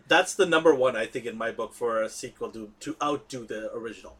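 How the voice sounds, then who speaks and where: A man's voice: medium pitch, normal speed, husky. Chatty man hosting a podcast. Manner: animated, laughing often, many fillers. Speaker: podcast host. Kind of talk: casual podcast chat.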